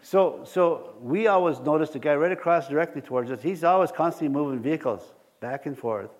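A man's voice: on the high side, a little fast. A man preaching to a congregation in a church, telling everyday stories with frequent chuckles and questions to the listeners. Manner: animated storytelling, chuckles often, asks the congregation questions. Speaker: pastor. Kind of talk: sermon with personal stories.

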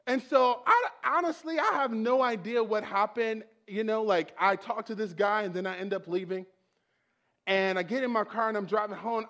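A man with a high voice preaches to a congregation, telling his own story. His delivery is animated, and he acts out his prayers as if they are happening again. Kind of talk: sermon testimony.

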